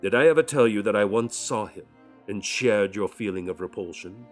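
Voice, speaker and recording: Guy doing a friendly serious lawyer, kinda brisk, audiobook voice. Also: on the low side, lively intonation, soft background music, natural voice. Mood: concerned. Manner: brisk, good-natured. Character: earnest middle-aged male lawyer.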